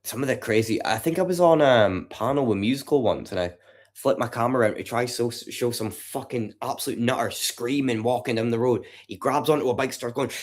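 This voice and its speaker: A man's voice: medium pitch, fairly quick. A man chatting casually and profanely with his livestream audience from home at night. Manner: profane, rambling banter with chat.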